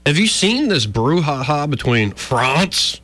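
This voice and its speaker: A man's voice: fairly high pitch, very animated, slow, a bit bright, no echo. A man hosting a talk radio show, wry and joking with rambling asides. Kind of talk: casual talk radio banter.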